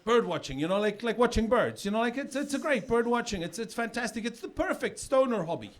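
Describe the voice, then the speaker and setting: A middle-aged man from South Africa doing a stand-up comedy set on stage, chatty and loose, with sudden shouted punchlines. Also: very high voice, big pitch swings, quick pace. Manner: conversational, with filler repeats and sudden shouted punchlines. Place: comedy stage with a live audience. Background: audience laughter.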